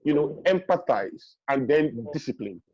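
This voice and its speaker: Speaking at a medium pitch and measured pace, this animated man is a guest speaker on a parenting webinar, giving emphatic advice. He repeats his key points and acts out what parents say. The audio comes through a video call and sounds dull and lo-fi.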